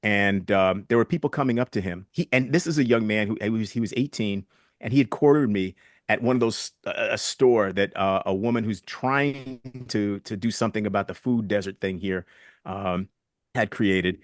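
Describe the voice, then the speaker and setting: A man in his sixties speaks as a guest in an interview, earnest and reflective. His voice sits somewhat low. The recording is dry, with little room sound. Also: normal speed, dry recording. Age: 60s. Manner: earnest, reflective, retells conversations. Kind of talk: conversational interview storytelling.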